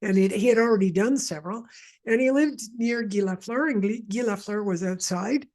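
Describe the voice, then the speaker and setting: A woman's voice: mid-range voice, normal speed, a little mellow. A woman from Montreal leading a guided wellness session, chatty and rambling with lots of asides. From Montreal, Canada. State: mild asthma. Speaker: energy healer leading a session.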